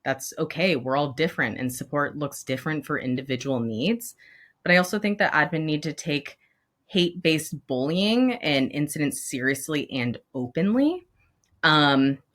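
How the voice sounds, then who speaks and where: Low-pitched woman guest, candid and expressive, laughs often. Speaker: elementary school counselor, guest. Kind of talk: candid podcast conversation.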